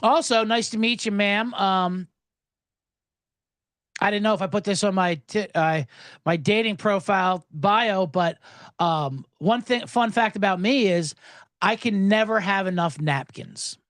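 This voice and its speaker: A man's voice: high-pitched, unhurried, no echo, studio quality. A man hosting a podcast, ranting sarcastically with swearing and acted-out dialogue. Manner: animated, sarcastic, swears, acts out snippy dialogue. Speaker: podcast host. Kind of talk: comedic rant.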